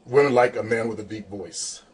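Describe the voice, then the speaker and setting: A man's voice: lowish voice, moderate pace, a little mellow, breathy edge. A man coaching viewers on dating in a blunt, repetitive lecturing monologue. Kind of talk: advice monologue.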